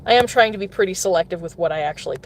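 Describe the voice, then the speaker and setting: A woman's voice: lowish voice, rapid-fire, a little hiss or hum. A woman casually chatting with viewers while she plays a mobile game in her car, giggling often. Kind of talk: casual live-stream chat while playing. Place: in a car, pulling over.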